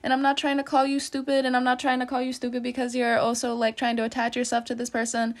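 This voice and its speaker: A woman's voice: on the high side, monotone, fast talker. Chatty young woman reading tarot cards. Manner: laughs often, loose filler-heavy talk. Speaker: podcast host doing a tarot reading.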